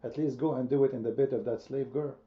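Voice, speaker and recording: A man's voice: mid-range voice, steady tone, fast talker, dull audio. A man hosting a heated online debate, speaking emphatically, repeating his points and quizzing his listeners. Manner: emphatic, repetitive, quizzing the audience. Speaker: debate host.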